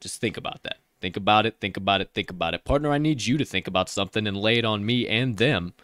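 A man hosting a sports betting podcast, rattling off point spreads in energetic, profane casual chat. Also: lowish voice, fast, no room sound, studio quality. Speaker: podcast host.

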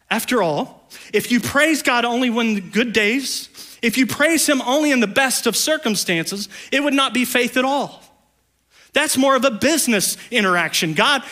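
A pastor preaches a sermon, sinking into hushed, low lines and then climbing to loud, raised ones, with playful conversational asides along the way.

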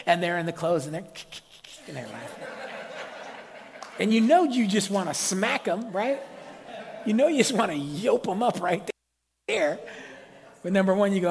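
A middle-aged man preaching a sermon as pastor, lively and conversational, with slang and call-outs to the congregation. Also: high voice, normal speed, creaky, long pauses. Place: church hall. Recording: long hall reverb.

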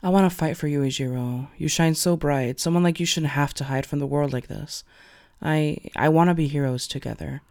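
Man voicing a hot-headed young hero, rough clipped swearing, gravelly, slightly high. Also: steady tone, brisk, darkish tone, no room sound, clean studio sound. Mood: strained.

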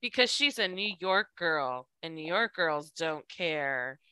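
Podcast co-host, female, low-ish voice, slow and animated, crisp dry sound. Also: dry recording. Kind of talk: casual movie recap chat.

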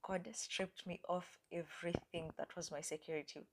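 A woman's voice: fairly low pitch, fairly even intonation, moderate pace, noisy background. A young woman hosting a podcast, telling her personal faith story in an earnest, reflective way, with fillers and at times dropping almost to a whisper. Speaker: podcast host. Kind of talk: personal faith testimony, casual talk.

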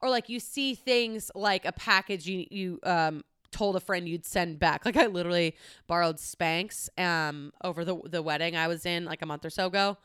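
A young woman hosts her own podcast and talks alone in a loose, candid stream, with plenty of "like" and some swearing. Her voice is very smooth and clean. The sound is close and dry, with no room around it. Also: lowish voice, moderate pace, fairly bright tone, no room sound. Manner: chatty, candid, peppered with "like" and swearing. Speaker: podcast host. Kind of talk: casual solo podcast monologue.

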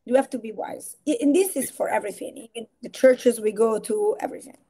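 A woman speaks as a podcast guest in a fairly high voice. She tells her stories with animation, slipping into quoted voices as she goes. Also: brisk. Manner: animated storyteller acting out quotes. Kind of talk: casual faith-based interview talk.

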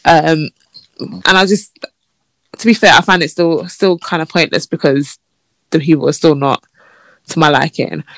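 A woman's voice: steady tone, normal speed, pauses often, dry recording. A woman, chatting on a podcast and telling stories, acting out messages in a mocking voice. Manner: chatty and storytelling, acts out messages in a mocking high voice. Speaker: podcast co-host. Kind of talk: casual chat.

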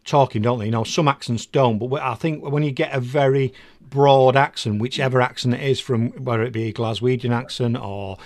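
A man hosting a relaxed interview, chatty and eager, tripping over repeated words as he goes. His voice sits in a middle range and is recorded dry, with no room echo. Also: medium pitch, fairly quick. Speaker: podcast host. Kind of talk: casual interview.

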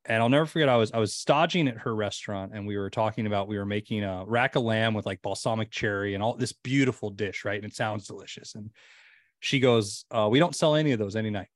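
A man guest on a podcast, chatting casually as an animated storyteller with lots of fillers. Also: fairly low pitch, a little fast, no room sound, studio quality.

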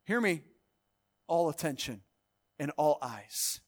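A pastor with a high-pitched voice preaches a sermon, swinging from loud, drawn-out proclamations to hushed, quiet lines, with bursts of rapid exhortation.

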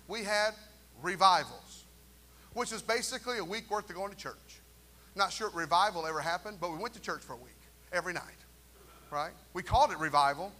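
Pastor, male. High, bright voice, animated preaching with quips and asides. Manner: animated preaching with jokes and call-and-response asides. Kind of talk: sermon. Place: church sanctuary.

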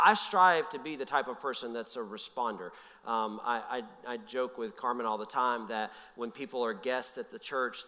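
A man's voice: fairly high pitch, long reverb tail. A middle-aged man preaching a conversational sermon as pastor, telling stories with frequent restarts and repeated words. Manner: conversational, self-interrupting, animated storytelling.

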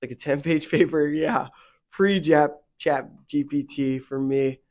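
A young man co-hosts a faith podcast in a slightly high voice, speaking a little slowly. He talks casually and rambles with many fillers, growing heated and animated whenever he vents.

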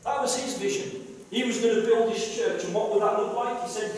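A man's voice: high-pitched, normal speed. A man pastor preaching a sermon, emphatic, repeating phrases and asking rhetorical questions. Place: church hall, live service. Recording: echoey live church hall recording from far off.

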